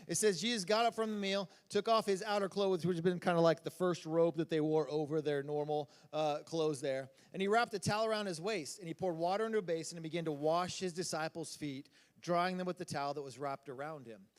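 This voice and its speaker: A man with a high voice preaches in a casual, rambling way, chatting and joking with the crowd. His words ring out with a long reverb from the church hall around him. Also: fairly even intonation, fairly quick, hardly any pauses. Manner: casual, rambling delivery with audience banter. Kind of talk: sermon.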